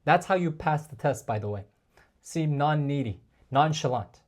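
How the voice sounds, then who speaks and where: A man coaching male viewers on dating in a casual, chatty talk to camera, often calling them guys and filling pauses with like and um. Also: on the high side, animated. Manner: chatty, addresses viewers as guys, frequent fillers.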